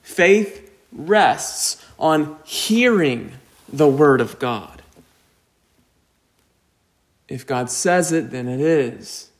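A man preaching a sermon, slow and deliberate, with emphatic rises on key points. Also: on the high side, expressive. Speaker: pastor.

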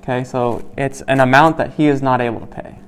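A man leading a small Bible study group. He reads scripture aloud, then explains it in a loose, conversational way, asking "right?" often and pausing with "um.". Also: mid-range voice, fairly even intonation, clean tone. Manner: many "um"s and restarts while explaining.

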